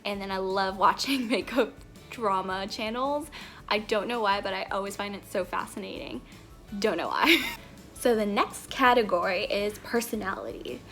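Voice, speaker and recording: A woman's voice: medium pitch, expressive, normal speed, creaky, fairly bright tone, faint music behind. A woman in her twenties chatting casually to camera in a get-to-know-me vlog, bubbly and giggly, rambling from topic to topic. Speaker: vlogger. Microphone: camera mic, talking to camera.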